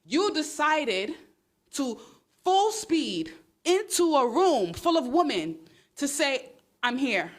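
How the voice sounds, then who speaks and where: A woman hosting a casual livestream on her phone, talking in a sarcastic, exclamatory and animated way. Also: high voice, slow. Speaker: livestream host.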